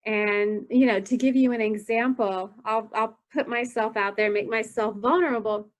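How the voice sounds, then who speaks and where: Animated woman in her forties telling stories. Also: fairly high pitch, moderate pace. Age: 40s. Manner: candid, self-deprecating, animated storyteller. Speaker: prevention educator. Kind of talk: personal storytelling in a training talk.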